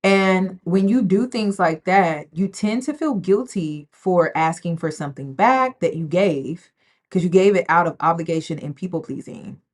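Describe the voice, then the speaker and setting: A woman's voice: on the low side, normal speed. A woman hosting a reaction video, giving casual, sassy commentary straight to her viewers. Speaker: commentary host.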